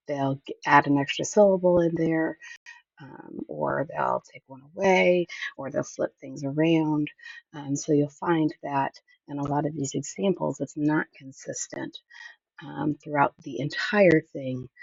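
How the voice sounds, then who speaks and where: Slow, gravelly woman teacher explaining. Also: sits low, dry recording. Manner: patient, explanatory, thinking aloud. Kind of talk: recorded lesson explanation. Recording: dull lo-fi audio, mic at a distance.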